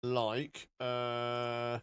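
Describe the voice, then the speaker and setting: A man's voice: medium pitch, completely flat delivery, drawn-out words, a bit bright, a little hiss or hum. A man chatting casually and joking as he shows off filters on his live stream, with some swearing.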